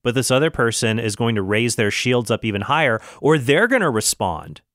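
Brief: male podcast host, earnest and reasoning, average pitch, dry close sound, frequent restarts. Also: animated, brisk, fairly bright tone, no room sound. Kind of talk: solo podcast commentary.

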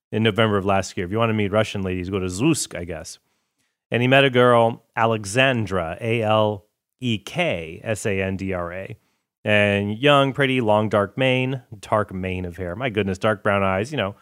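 A man's voice: fairly low pitch, fairly bright tone, clear, resonant tone, no room sound, studio quality. A man hosting a show, talking casually with asides and brief mock voices. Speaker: podcast host. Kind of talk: casual commentary.

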